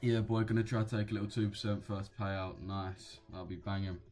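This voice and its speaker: Speaking briskly in a slightly mellow, lowish voice that barely moves in pitch, a young British man runs a relaxed trading stream. He throws in slang and reads viewer comments aloud over faint background music.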